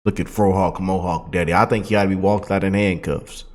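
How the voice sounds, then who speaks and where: A man giving casual, animated political commentary with a mocking, excitable delivery. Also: deep voice, brisk.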